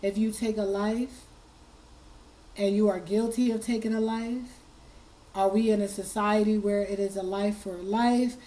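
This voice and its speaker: Hoarse, choked-up woman host. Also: mid-range voice, fairly even intonation, a little slow, dark tone, poor audio. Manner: earnest, choked up, repeats herself. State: hoarse, fighting tears. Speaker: commentary channel host. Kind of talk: emotional commentary.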